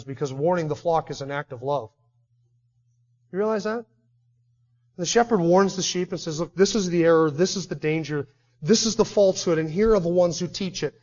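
A man's voice: a little high, a little mellow, highs cut off. A man, a pastor, preaching an expository sermon earnestly, swelling into emphatic declarations. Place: church sanctuary.

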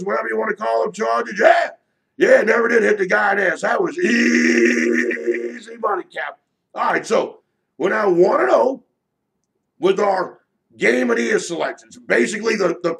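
With noticeable vocal fry, a man who sells sports betting picks yells a loud, crude, brash promotional pitch, going over the same points again and again.

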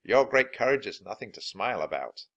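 An easygoing storybook cowboy with a folksy drawl, as a man reads him aloud. His voice climbs and dips with a lively swing, a little above a plain lowish speaking tone. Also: brisk, dull audio, heavily acted. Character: easygoing adult male cowboy mustang herder.

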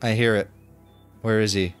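A man streaming a fantasy game, commenting casually in a goofy, excitable, playful way. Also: on the low side, moderate pace, smooth, faint music behind. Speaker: gaming streamer. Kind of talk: casual let's-play commentary.

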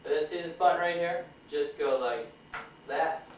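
Man, fairly high voice, joking home-movie narrator, roomy kitchen sound from a distance. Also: normal speed. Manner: chatty, joking, explains each step. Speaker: home video maker. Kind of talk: casual narration to camera. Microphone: built-in mic of a 1994 home camcorder. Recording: roomy, distant, faint hiss.

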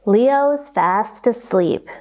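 A woman voicing a worried mother lioness with a baby cub, gentle and motherly. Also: a little high, expressive, very slow. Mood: soothing.

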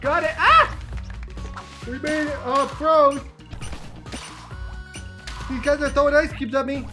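A man giving excited gameplay commentary, with loud, frantic, shouted reactions. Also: very high-pitched, measured pace. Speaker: let's play gamer. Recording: game music playing under voice. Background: video game music.

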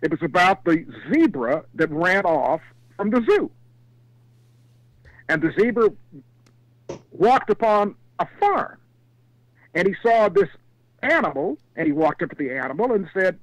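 A man on a talk panel telling a folksy joke-story in an animated way. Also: high voice, normal speed, dry recording, low-quality recording. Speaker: call-in panelist. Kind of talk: casual storytelling.

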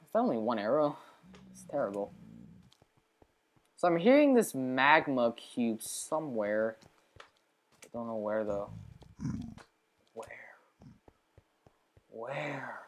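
A woman running a gaming channel gives chatty let's play commentary directly to her viewers, breaking into sudden excitable outbursts. Her voice is very deep and slow, with frequent pauses.

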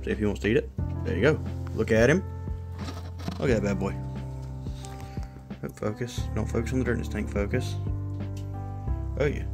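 Music plays in the background as a man with a fairly low voice speaks at normal speed, pausing often. He breeds exotic pets and vlogs while walking among outdoor yard pens and indoor reptile tanks, rambling casually and talking to the animals.

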